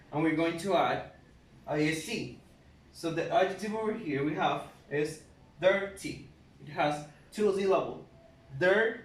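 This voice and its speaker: A man teaching an English grammar lesson, slow and patient, spelling out letters one by one. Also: fairly high pitch. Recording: echoey room, mic at a distance.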